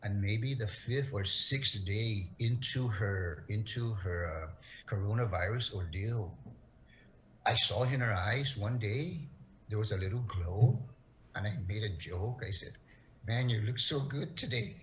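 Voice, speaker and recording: Earnest, halting middle-aged man. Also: fairly low pitch, expressive, a little hiss or hum, low-quality recording. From Guam. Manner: earnest, halting, repeats words. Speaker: interview guest. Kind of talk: emotional interview testimony.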